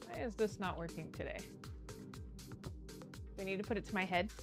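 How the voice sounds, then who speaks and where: A woman hosting a casual cooking livestream, bubbly and excitable as she talks to her chat from her kitchen. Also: medium pitch, a little fast, creaky, over music. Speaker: livestream host. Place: home kitchen.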